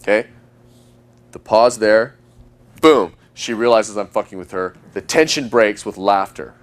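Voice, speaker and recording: A man giving dating advice as a coach, talking emphatically and using long pauses for effect. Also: fairly low pitch. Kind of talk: instructional talk.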